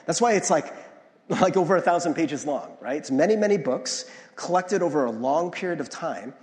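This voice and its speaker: A man's voice: fairly high pitch, expressive, normal speed, darkish tone. A male pastor giving a conversational sermon, often checking in with "right?" and acting out the voices he quotes. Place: church sanctuary. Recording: long hall reverb.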